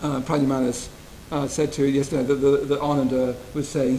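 A man giving a gentle, reflective Buddhist retreat talk, often checking in with his listeners. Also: mid-range voice, flat delivery, brisk, hardly any pauses, a little hiss or hum, rough recording. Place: retreat hall.

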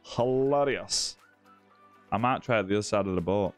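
A man's voice: lowish voice, racing, soft background music. A man hosting a live gaming stream, chatting casually with viewers and greeting them by name. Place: indoor room with ring light.

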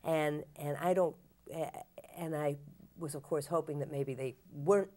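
A woman speaks as an interview guest, her voice sitting low in pitch. She talks thoughtfully and haltingly, restarting phrases as she gathers her ideas. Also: steady tone, mellow. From Tennessee. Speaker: stage actress, guest. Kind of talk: interview conversation.

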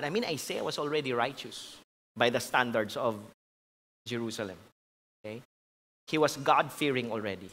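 Filipino pastor preaching in a reverberant hall. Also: male voice, fairly high pitch, fairly bright tone. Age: adult with a grown son. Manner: mixes English and Tagalog, conversational with jokes. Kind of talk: sermon. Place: large church hall.

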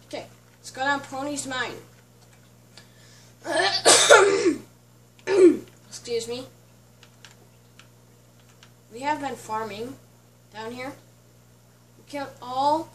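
A woman with a high voice talks slowly through a casual gameplay tour, chatty and clearing her throat now and then. She sits some distance from the mic. Faint music plays underneath. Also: slight background noise. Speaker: let's play host.

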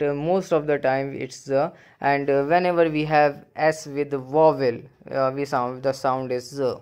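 A woman teaching a beginners' language lesson, saying each sound slowly and repeating it, in casual English with many fillers. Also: sits low, a little mellow.

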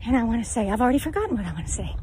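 A woman's voice: on the high side, big pitch swings, very fast, dark tone, slight background noise. A woman recording a short, reflective phone video of faith while she walks. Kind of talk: casual self-recorded video.

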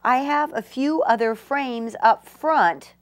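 A woman's voice: sits high, takes it slowly. An older woman demonstrating a craft technique, gushing with enthusiasm and dropping to delighted whispers. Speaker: craft instructor.

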